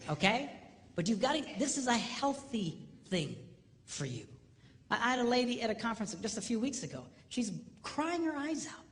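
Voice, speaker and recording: An older man delivering a humorous live marriage seminar, with a very lively, bouncing delivery that swings between loud and hushed. His voice rings with the long reverb of a big hall, and faint background noise sits underneath. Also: high voice, fairly quick.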